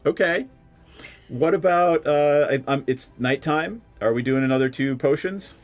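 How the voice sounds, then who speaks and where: A man's voice: on the high side, measured pace, faint music behind. Laid-back man running a tabletop game. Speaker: dungeon master.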